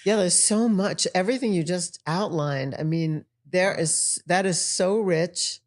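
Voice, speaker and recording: A woman's voice: lowish voice, measured pace. Effusive older woman telling stories. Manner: effusive, animated storyteller. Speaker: tantra teacher. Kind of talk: podcast conversation.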